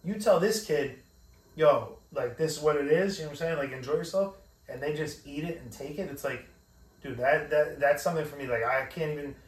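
A man's voice: on the high side, a little fast. A man in his forties, a podcast co-host, chatting casually and profanely, rambling through emotional stories. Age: 40s. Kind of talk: casual chat. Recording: echoey room, mic at a distance.

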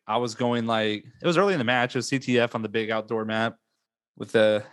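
A man chatting casually about online gaming as podcast host, animated and swinging up in pitch when he rants. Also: a little fast, no room sound, clean studio sound.

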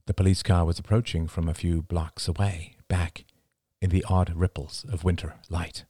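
Male audiobook narrator, low and animated, recorded dry and close. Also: normal speed, no echo. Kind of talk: scripted narration.

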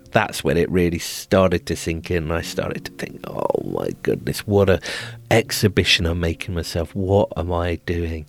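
Man from britain, fairly low voice, casual storytelling, self-deprecating, laughs a lot. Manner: self-deprecating, laughs often while telling. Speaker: podcast host telling a personal story.

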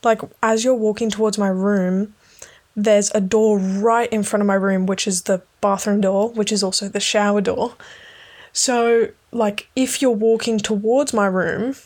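A woman chatting alone in a loose, late-night ramble, piling up fillers and casual swearing. She breaks into giggles easily and drops her voice to a hush now and then. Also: mid-range voice, fairly even intonation, unhurried. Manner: drops to a hushed voice at times. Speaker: podcast host.

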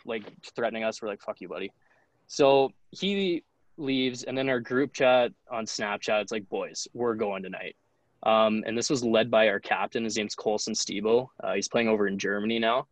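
Young man, casual storyteller, lowish voice, dry close sound, loose and profane. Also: normal speed, dry recording, low-quality recording. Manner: loose, profane, heavy use of "like". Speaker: podcast guest, hockey goalie.

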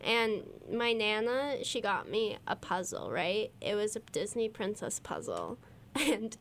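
A woman's voice: medium pitch, big pitch swings, measured pace, a little hiss or hum. Young woman from california, giggly, rambles a bit, casual comedy chat. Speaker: co-host.

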